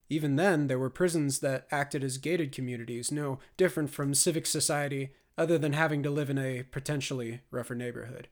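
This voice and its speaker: A man reading scripted audiobook narration in a measured, grave manner. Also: medium pitch.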